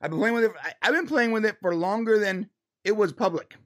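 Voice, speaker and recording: A man's voice: sits high, fast. A man co-hosting a live show, chatting casually with many restarts and laughs. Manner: animated, restarts a lot, laughs. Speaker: co-host of a live pop culture show. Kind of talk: casual chat.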